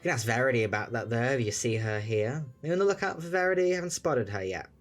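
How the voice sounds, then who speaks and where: A man doing a breezy, evasive society woman, quick talker, light music behind. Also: medium pitch, lightly acted.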